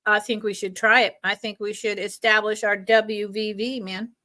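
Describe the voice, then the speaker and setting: A woman's voice: mid-range voice, little pitch movement, moderate pace, bright, forceful tone, dry recording. A woman hosting a live stream sale, chatting casually and giggling, sometimes talking while she chews.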